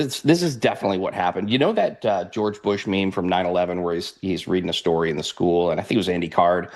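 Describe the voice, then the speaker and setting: A man talking through futures charts in a rambling, animated way, laughing often. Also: deep voice. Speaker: futures trader guest. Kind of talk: casual market analysis chat.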